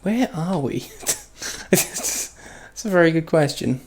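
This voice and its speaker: Slightly high and animated, this man's voice moves slowly with a somewhat mellow quality, though the audio is poor. He plays a train simulator, telling rambling stories and laughing at his own expense, while engine and rail sounds from the game run underneath.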